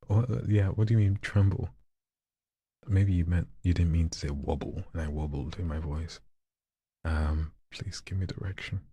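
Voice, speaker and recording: A man doing voice practice on a livestream, reading viewer scripts in a slow hushed delivery that slips into whispers, and chatting with viewers between reads. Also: low-pitched, fairly even intonation, slightly rough, no echo. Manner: chats to viewers in between reads, quicker and louder. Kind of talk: live practice reading of viewer scripts, mixed with casual chat.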